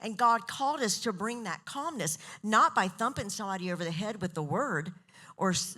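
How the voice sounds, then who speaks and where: A pastor's wife leads a women's talk, animatedly telling church stories in a casual sermon style at a slightly fast pace. She acts out quoted voices with big leaps in pitch.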